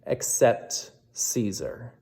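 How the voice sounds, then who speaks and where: Man reading insistent ancient priests, mellow tone, scripture reading. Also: drawn-out words. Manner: read aloud as scripture. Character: angry temple leaders demanding death.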